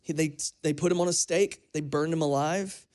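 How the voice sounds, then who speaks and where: The preacher's voice is on the high side, with a darkish tone, fairly even intonation and a moderate pace. As pastor, he delivers his sermon through conversational storytelling, often starting over mid-thought.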